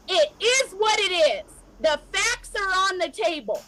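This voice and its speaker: American woman going off on camera, super high pitched, sharp forceful voice, emotional, keeps repeating herself. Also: big pitch swings, a little slow, hardly any pauses, low-quality recording. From United States. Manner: fiery, repetitive, addresses governments directly. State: emotional, near tears at times. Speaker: activist vlogger. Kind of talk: impassioned direct-to-camera rant.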